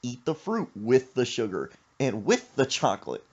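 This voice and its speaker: A woman voicing a stubborn grown son in near her own low husky voice, on muffled audio. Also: normal speed, full character voice. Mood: defiant. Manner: flat backtalk, stubborn. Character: sulky, defiant grown son.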